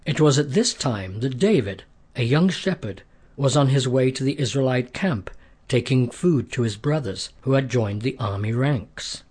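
A man reads a scripted story aloud in a steady, measured manner. His voice is husky and sits at a middling pitch. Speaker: narrator.

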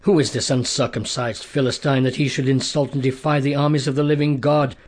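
A man voicing a brave, faithful young shepherd who speaks earnestly and boldly in a storybook reading, in a husky voice. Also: mid-range voice, little pitch movement, a little fast, darkish tone, close to an everyday voice. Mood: indignant. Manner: earnest, bold.

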